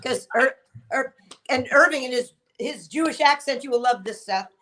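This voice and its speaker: A woman guest telling an anecdote in an animated way, acting out the people in her story with gasps and shrieks. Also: high-pitched, normal speed, slight background noise. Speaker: guest actor.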